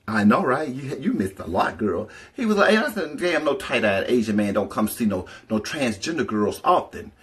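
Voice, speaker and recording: Speaking to her viewers directly in a casual vlog, a woman with an extremely low-pitched voice tells a personal story, animated and full of profanity.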